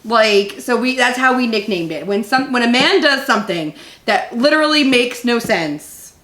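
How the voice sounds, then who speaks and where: A lively middle-aged woman chatting with a co-host, voice sitting a little high. She tells stories with gusto, slipping into quoted voices along the way. The room around her rings with echo. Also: normal speed. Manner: animated storyteller, acts out quotes. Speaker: podcast co-host. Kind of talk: casual chat. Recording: echoey room.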